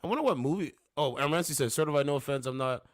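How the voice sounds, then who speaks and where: Racing along with lively intonation in a slightly high voice, a man hosts a casual livestream from his home studio with two monitors. He rambles and keeps using "you know what I'm saying," on a dry recording.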